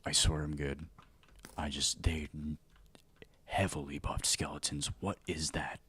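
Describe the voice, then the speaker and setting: A man streaming a survival game as ASMR, whispering and speaking softly into a close mic, now and then flaring up in frustration, with keyboard and mouse clicks behind him. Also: rumbling low, little pitch movement, unhurried, breathy edge. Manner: mostly whispered and soft, flaring into loud frustration. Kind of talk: ASMR gameplay livestream commentary.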